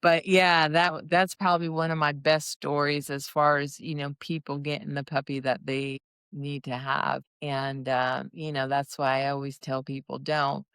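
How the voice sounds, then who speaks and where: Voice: medium pitch, little pitch movement, moderate pace, a bit bright, smooth, dry recording. A dog breeder telling stories in a casual, rambling chat full of asides. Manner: chatty and rambling, with many restarts and asides.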